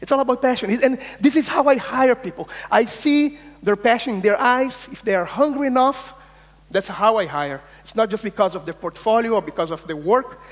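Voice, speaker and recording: A high-voiced man gives a brisk conference keynote in a large, reverberant hall. He is energetic and insistent, swears, and acts out the voices he quotes.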